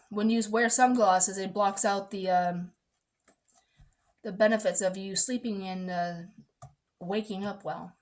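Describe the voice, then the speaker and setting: A young woman who works as a massage therapist, talking in a casual rambling vlog, chatty and animated, acting out quotes and sometimes dropping to a low mutter.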